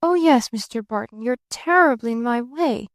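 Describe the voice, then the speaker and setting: A blunt, sulky rich girl who says exactly what she thinks, as a woman reading aloud puts her on. The voice sits fairly high and the sound is dry and close. She comes across plaintive and candid in this audiobook. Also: expressive, normal speed, no echo. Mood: frank, sulky.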